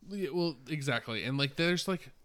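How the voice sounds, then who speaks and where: A man's voice: a little high, lively intonation, normal speed, fairly bright tone. A man in his late twenties, a podcast co-host chatting casually, rambling with lots of fillers and swearing. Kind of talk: casual chat.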